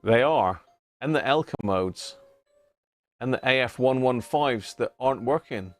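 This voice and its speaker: A man's voice: medium pitch, a little slow. A man hosting a casual livestream, chatting, laughing often and greeting viewers by name. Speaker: livestream host. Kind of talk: casual live chat reading viewer messages.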